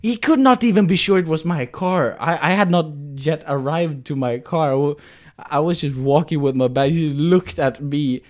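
A man's voice: on the high side, normal speed. Rambling storytelling man. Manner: rambling, animated storytelling with many restarts. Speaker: podcast co-host. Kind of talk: casual chat, storytelling.

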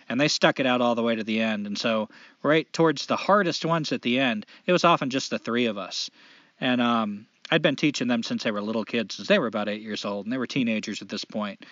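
A man's voice: medium pitch, a bit bright, no echo, dull audio. A man co-hosting a podcast, telling stories in a jokey, casual way and laughing often. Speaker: podcast co-host. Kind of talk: casual storytelling chat.

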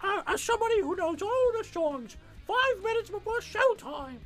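A man doing a squeaky fake-British manager. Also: big pitch swings, normal speed, soft background music. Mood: brusque. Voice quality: high falsetto, exaggerated. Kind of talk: comic impression while retelling an episode.

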